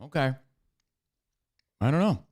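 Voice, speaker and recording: A man's voice: medium pitch, big pitch swings, takes it slowly, darkish tone. Blunt, swearing male co-host. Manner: blunt, profane, needling. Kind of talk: casual radio-podcast banter.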